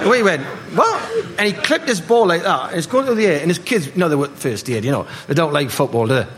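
A man, telling lively football stories to a live audience and acting out the voices. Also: on the high side, quick pace, crowd noise. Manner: animated anecdotes, acting out voices, laughing. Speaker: guest, former footballer. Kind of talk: live storytelling on stage. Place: live party event. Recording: noisy live room.

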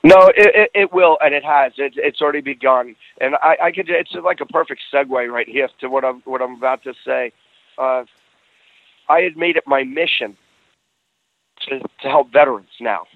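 Gravelly man on a tinny line. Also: mid-range voice, normal speed, dry recording. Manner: earnest storyteller who restarts phrases and grows emotional. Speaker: guest telling a personal story. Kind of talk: casual conversation.

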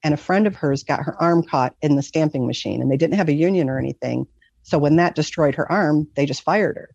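A woman's voice: deep voice, fairly quick, vocal fry, darkish tone, husky, no room sound, lo-fi sound. A middle-aged woman from Michigan, earnestly telling a personal story in a rambling, casual way. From Michigan, USA. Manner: earnest, rambling, with many fillers. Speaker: guest telling a near-death story.

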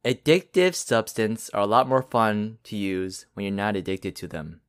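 A man's voice: on the low side, lively intonation, normal speed, clean tone. A man co-hosting a casual podcast, running a quiz in a playful, teasing way. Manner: playful, teasing, bursts into loud laughing outcries. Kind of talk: casual chat.

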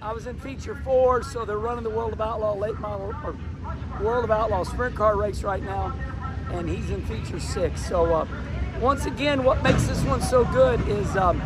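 An older man, a race car driver, talking emotionally and excitedly after a win, choked up and repeating himself, recorded outdoors at a noisy racetrack. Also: extremely high pitch. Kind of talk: emotional post-race talk and vlog.

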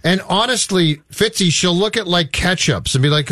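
A man's voice: high-pitched, fairly quick, a bit bright, no echo. A man on a radio show telling a story in a blunt, emphatic, casual way.

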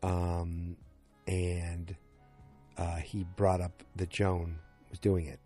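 A man's voice: low-pitched, monotone, very slow, warm tone, faint music behind. A man casually recapping a TV episode, rambling with lots of fillers and restarts.

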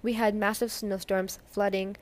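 A woman's voice: medium pitch, little pitch movement, normal speed. A woman reading a novel aloud in a casual, first-person storytelling way. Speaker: audiobook reader.

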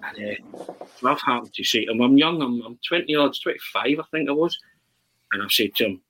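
Husky man telling stories. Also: medium pitch, a little fast, poor audio. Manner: animated, peppered with "right?". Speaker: guest. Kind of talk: anecdotal storytelling.

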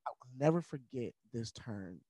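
A man's voice: mid-range voice, lively intonation, normal speed, mellow, no echo. A man, a podcast guest, telling a personal story in an earnest, candid conversational way, with fillers and moments of emotion.

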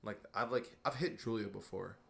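A man's voice: fairly low pitch, normal speed, creaky, slight background noise. A man co-hosting a casual podcast, retelling cartoon scenes with a laugh and playful voices. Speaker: podcast co-host. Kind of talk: casual chat.

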